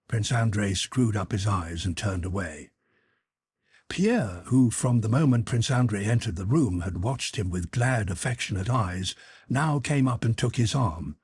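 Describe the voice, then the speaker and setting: A man narrates a classic novel for an audiobook, measured and expressive. His voice is husky and breathy, and his pitch rises and falls a great deal. The recording is dry and close. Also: dry recording.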